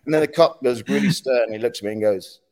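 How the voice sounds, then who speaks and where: Male podcast guest, mid-pitched, storyteller type who acts out quotes and sound effects, laughs often. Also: lively intonation, quick pace, vocal fry, a little mellow. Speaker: podcast guest, former news agency head. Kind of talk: casual storytelling interview.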